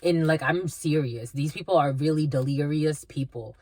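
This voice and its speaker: Lower-voiced woman giving a rambling spiritual reading. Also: normal speed, a little mellow, no room sound. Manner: rambling, many fillers and restarts. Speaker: spiritual reader. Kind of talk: casual spiritual reading monologue.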